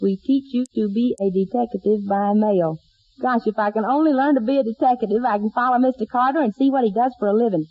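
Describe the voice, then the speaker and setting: A woman's voice: fairly high pitch, brisk, close to an everyday voice. A woman playing a scatterbrained, wisecracking country gal in a 1940s radio sitcom, folksy and punning, on a dull old broadcast recording. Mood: zany. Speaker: comedy star of a radio sitcom.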